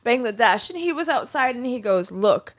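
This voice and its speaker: A woman with a slightly high voice chats casually on a podcast. She is an animated storyteller who keeps restarting her sentences and laughing at her own tale. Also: fairly quick. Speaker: podcast co-host. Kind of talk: casual chat.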